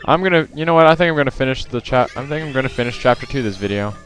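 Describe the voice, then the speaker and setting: A man's voice: medium pitch, lively intonation, racing, fairly bright tone, faint music behind. A man giving casual gameplay commentary as a let's play host, rambling with lots of fillers and self-corrections.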